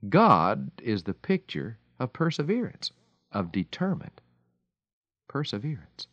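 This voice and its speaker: Folksy low-voiced radio preacher man. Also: big pitch swings, takes it slowly, long pauses, a bit bright, no room sound. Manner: folksy, emphatic storytelling. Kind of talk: radio devotional talk. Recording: dull lo-fi radio recording.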